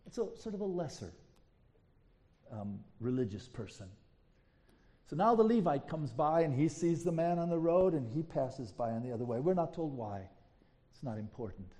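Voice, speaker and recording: A man preaching a sermon as pastor, telling a story in an animated way and asking the congregation rhetorical questions. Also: a little high.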